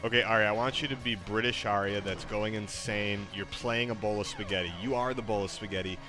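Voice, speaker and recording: A man's voice: on the low side, fairly even intonation, fairly quick, over music. A man streaming, giving rambling, filler-heavy casual instructions. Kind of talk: casual chat.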